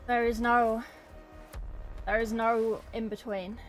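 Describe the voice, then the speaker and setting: A woman with a slightly high voice, talking loosely to her live-stream chat as she sets up a game stream. She rambles, swears freely and greets viewers by name. Faint music plays softly behind her. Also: flat delivery, slow pace. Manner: talks to chat, thanks followers.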